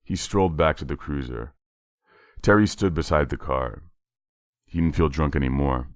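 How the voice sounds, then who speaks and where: Very deep-voiced male story narrator. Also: normal speed, no room sound, clean studio sound. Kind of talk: scripted horror story narration.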